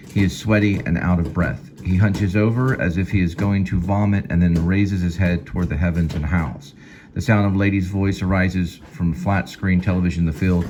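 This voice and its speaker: A man casually reading his own screenplay aloud at home, halting and stopping to fix lines. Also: deep voice, a little mellow, a little hiss or hum. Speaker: screenplay reader. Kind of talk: casual screenplay read-through.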